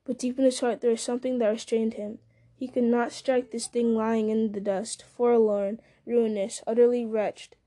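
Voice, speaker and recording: A woman reading a story aloud at a measured pace, with occasional slips and restarts. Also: fairly high pitch, little pitch movement, dark tone. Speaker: reader. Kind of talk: audiobook-style story reading.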